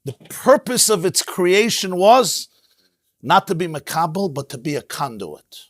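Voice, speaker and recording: Man, rabbi, lively lecture, fairly high voice, dry close sound. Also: unhurried, no room sound. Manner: animated, emphatic, sprinkles Hebrew terms. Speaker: rabbi teaching a Torah class. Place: synagogue.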